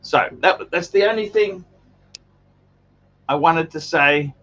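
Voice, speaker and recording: An Australian man hosts a livestream in loose, casual chat. His voice is a bit high and pushes forward, bright and tense, and he circles back over the same words, stammering through restarts. The stream audio sounds muffled and lo-fi. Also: slow pace. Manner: earnest, repeats himself, stammers on restarts. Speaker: livestream host.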